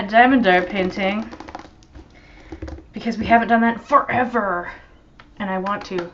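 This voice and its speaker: A chatty young Canadian woman with a Canadian accent hosts a relaxed craft livestream, greeting each viewer by name and laughing easily. Her voice sits at an ordinary pitch for a woman. It comes through the camera's own microphone, which sounds a little dull, with a faint hiss underneath. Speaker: crafting channel host. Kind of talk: casual livestream chat.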